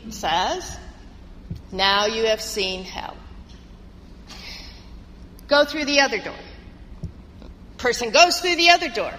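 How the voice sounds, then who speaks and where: High-voiced woman pastor preaching slowly. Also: fairly bright tone, in a large hall, slight background noise, poor audio. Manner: earnest storytelling with rhythmic, measured phrasing. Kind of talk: sermon.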